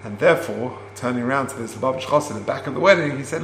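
A man gives a Torah lesson, stopping to explain each Hebrew term before moving on. He tells his story at an unhurried pace, with plenty of fillers along the way. His voice sits at a middle pitch in a roomy space with a faint hum behind it. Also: a bit bright. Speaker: Torah teacher. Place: classroom, also streamed online.

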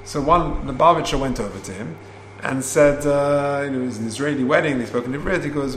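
A man gives a Torah lesson, stopping to explain each Hebrew term before moving on. He tells his story at an unhurried pace, with plenty of fillers along the way. His voice sits at a middle pitch in a roomy space with a faint hum behind it. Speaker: Torah teacher. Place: classroom, also streamed online.

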